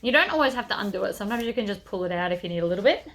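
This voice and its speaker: A woman's voice: mid-range voice, animated, rapid-fire, fairly bright tone. A woman hosting a sewing tutorial, chatting casually as she works through each step.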